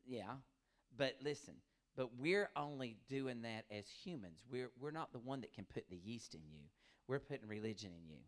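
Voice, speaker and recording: Male pastor, casual joking sermon, quiet scripture reading that swings to loud, lively bursts. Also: medium pitch. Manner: conversational, joking preaching with sudden loud bursts.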